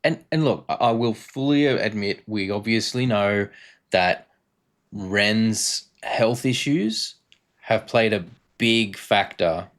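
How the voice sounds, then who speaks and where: A man's voice: lowish voice, slow pace, a bit bright. A man co-hosting a music reaction show, talking earnestly in casual chat and swearing freely. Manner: earnest, swears freely, talks through ideas with restarts.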